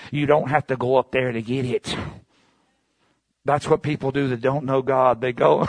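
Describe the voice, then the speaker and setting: A man preaching with fervent, repetitive emphasis, his voice sitting at an ordinary middle pitch. He swings from loud shouting peaks down to slow, low stretches. The sound is close and dry, with no room echo. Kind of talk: sermon.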